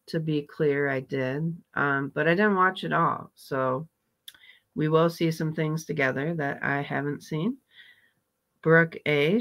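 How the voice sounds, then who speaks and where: A woman hosting a live reaction stream, greeting viewers and chatting casually about her day. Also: low voice. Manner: warm greetings, laughs at clips, slow and chatty.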